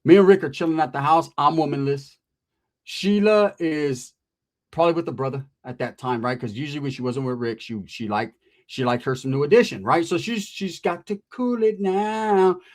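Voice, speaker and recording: A man's voice: on the high side, normal speed. A man telling a comedic storytime monologue, profane and slangy, acting out the people in it. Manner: profane, slangy and animated, acting out quoted voices.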